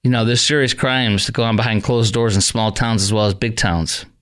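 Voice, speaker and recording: A man's voice: lowish voice, steady tone, brisk, fairly bright tone. A man hosting a talk radio show, delivering an indignant, rambling monologue with many fillers and restarts.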